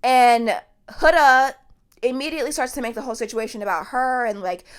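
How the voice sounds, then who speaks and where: A woman's voice: a little high, brisk, clean tone. A woman hosting a podcast, giving blunt, emphatic commentary in a casual chatty way and swearing freely. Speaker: podcast host.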